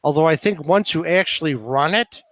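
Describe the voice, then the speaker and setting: A man's voice: on the high side, moderate pace, fairly bright tone, no echo. A man with a Chicago accent presenting at a meeting, musing aloud with many fillers. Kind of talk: casual demonstration talk.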